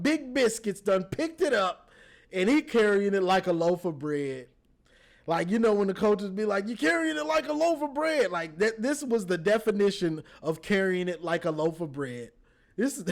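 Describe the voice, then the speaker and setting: A man giving a casual football game recap, animated, talking straight to the players and repeating his words. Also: high-pitched. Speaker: football fan reviewing a game.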